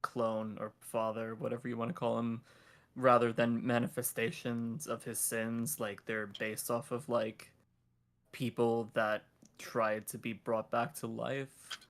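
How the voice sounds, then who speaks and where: A man's voice: mid-range voice, flat delivery, a little slow. A man in a casual chat, talking enthusiastically and rambling with fillers. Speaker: guest.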